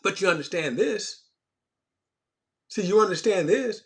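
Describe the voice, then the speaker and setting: A man's voice: high voice, lively intonation, measured pace. A man teaching an informal Bible class in a conversational way, often restarting phrases and stressing key words.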